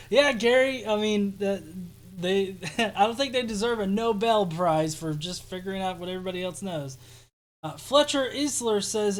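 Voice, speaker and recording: A woman's voice: mid-range voice, lively intonation, unhurried. A woman hosting a show, reading viewer comments and giving crude, sarcastic commentary with laughing asides. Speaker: show host. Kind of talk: casual mocking commentary.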